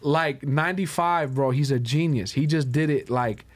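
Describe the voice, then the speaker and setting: A man's voice: on the high side, normal speed, slight background noise. A man guest on a podcast, casually telling a long story with loose restarts and lots of quoted back-and-forth. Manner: loose, rambling, many restarts and quoted dialogue. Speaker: podcast guest, music producer.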